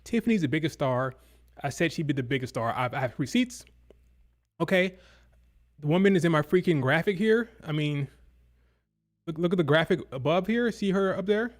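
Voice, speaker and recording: A man's voice: on the high side, lively intonation, moderate pace, pauses often. A man hosting a wrestling review stream, talking in a blunt, exasperated way and often repeating himself. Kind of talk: casual opinionated commentary.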